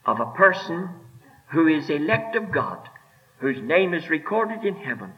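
A man preaching a sermon with emphatic delivery, rising and dropping, slowing right down to stress his words. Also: fairly high pitch, sing-song. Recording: dull lo-fi sermon recording.

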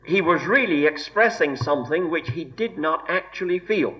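A man preaching an expository sermon in a slow, measured way, weighing each word with deliberate emphasis. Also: on the high side, lively intonation. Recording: dull lo-fi recording.

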